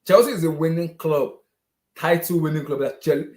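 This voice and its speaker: A man's voice: on the high side, moderate pace, a little mellow, echoey room. A man ranting as a furious football fan, exasperated and repeating himself over and over. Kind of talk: heated fan rant on a video hangout.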